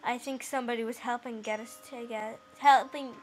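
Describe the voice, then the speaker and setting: A woman voicing a gentle, weary male talking cat in a put-on deeper, manly voice as she reads game dialogue aloud. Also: fairly even intonation, moderate pace, a little hiss or hum, lightly acted.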